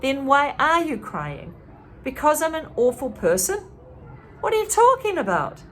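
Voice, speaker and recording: A woman's voice: high voice, very animated, unhurried, a bit bright, a little hiss or hum, pitched above the performer's own voice, exaggerated voice. A woman voicing an earnest, caring teenage boy in a plain, earnest manner. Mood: confused.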